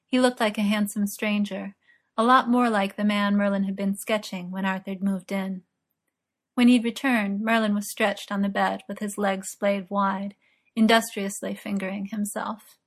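A woman reading an audiobook as narrator, in a calm, even storytelling manner. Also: medium pitch, normal speed. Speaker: audiobook reader. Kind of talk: scripted narration.

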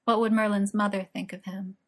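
A woman reading an audiobook as narrator, in a calm, even storytelling manner. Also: mid-range voice, fairly quick. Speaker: audiobook reader. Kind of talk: scripted narration.

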